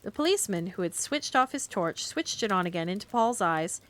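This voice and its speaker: A woman streamer reading a book aloud in a gentle, calm storytelling manner for a cozy bedtime stream. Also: mid-range voice, fairly quick.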